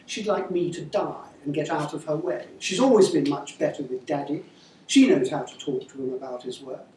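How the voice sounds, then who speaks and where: A woman's voice: low voice, moderate pace, dark tone, a little hiss or hum, natural voice. A man reading aloud, voicing a guarded, theatrical young woman who speaks in a dramatic, confiding way. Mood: brooding. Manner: dramatic, self-pitying, confiding. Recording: echoey room, far-off mic, faint ambience.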